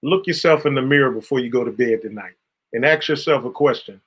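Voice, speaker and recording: A man's voice: medium pitch, fast talker, fairly bright tone, husky. A man hosting a faith talk show, speaking in a preacherly, affectionate, exhorting way. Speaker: host. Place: Carolina.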